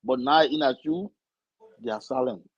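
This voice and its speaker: Husky-voiced man, muffled dry line. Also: medium pitch, moderate pace, no echo. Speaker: guest. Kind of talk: casual talk show discussion.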